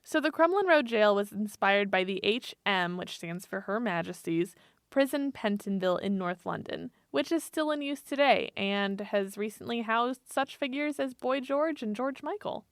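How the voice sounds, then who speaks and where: A woman's voice: mid-range voice, expressive, moderate pace, no echo. A woman co-hosting a podcast, telling a history story in a playful, casual way and laughing between facts. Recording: dry close-mic podcast audio.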